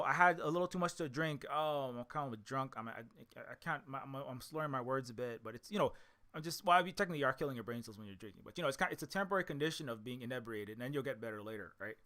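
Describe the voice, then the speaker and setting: Man from Hawaii, bright tone, middle pitch, rambling solo talk, often repeats words and restarts. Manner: repetitive, restarts often, ends points with "right?". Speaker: indie game developer talking to his audience.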